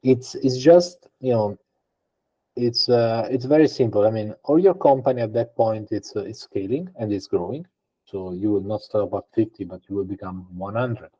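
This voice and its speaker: In a low-quality recording, a guest data engineer with a lowish, dark-toned voice speaks at normal speed during a podcast interview. His answers come out conversational and thought-through aloud, with many fillers and restarts.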